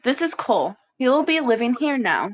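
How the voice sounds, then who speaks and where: A woman voicing a calm, authoritative female clan leader cat in a fan-made cat movie, measured and commanding. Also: on the high side.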